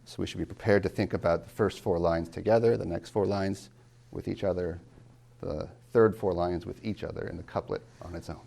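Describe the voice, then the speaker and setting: A man's voice: low-pitched, fairly even intonation, fairly quick, creaky, dark tone. A man lecturing as a college tutor on reading poetry, asking questions and answering them himself, and tapping out rhythms aloud.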